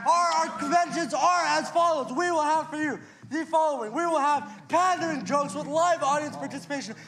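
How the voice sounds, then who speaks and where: A young man steps up to explain his team's scene with tongue-in-cheek formality. His voice sits very high for a man. He keeps a joking, stiff tone. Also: fairly quick, fairly bright tone, soft background music. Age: young adult. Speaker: team member introducing a scene. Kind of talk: comic stage introduction.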